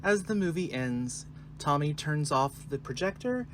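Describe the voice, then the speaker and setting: A man narrating the stage directions of a screenplay reading in a clear, measured way. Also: fairly high pitch, animated, fairly bright tone, a little hiss or hum.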